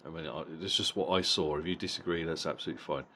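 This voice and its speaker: A man's voice: very deep voice, fast, bright, forceful tone, slight background noise. A middle-aged man giving a casual, blunt boxing fight review, swearing freely and often repeating words as he goes. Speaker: boxing vlogger.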